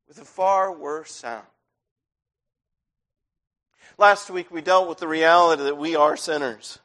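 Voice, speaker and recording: High-voiced male preacher, conversational. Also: normal speed, hardly any pauses, pushed and bright. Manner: conversational, rising to intense. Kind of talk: sermon.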